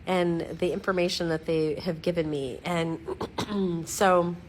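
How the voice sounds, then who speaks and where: A middle-aged woman at home giving a casual, rambling video update, giggling at herself, digressing often and clearing her throat. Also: lowish voice, fairly even intonation, measured pace, slight background noise. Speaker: vlogger updating followers. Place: at home, lying against her dog.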